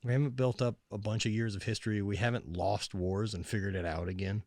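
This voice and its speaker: Profane, joking American podcast host. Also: male voice, on the low side, steady tone, quick pace, darkish tone, dry recording, studio quality. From United States. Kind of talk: casual chat.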